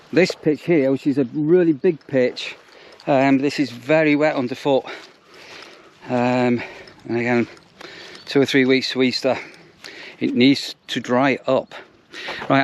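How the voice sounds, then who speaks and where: A man's voice: medium pitch, slight background noise. A man, a campsite warden chatting casually outdoors, rambling with lots of ums and restarts. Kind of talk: casual vlog narration.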